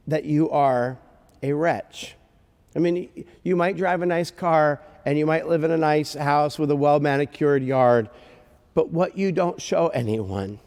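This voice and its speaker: Guy preaching in a church, kinda high voice, tells a story and acts out all the lines, big echoey sanctuary. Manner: animated, halting restarts, acts out dialogue. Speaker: guest pastor. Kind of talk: storytelling sermon.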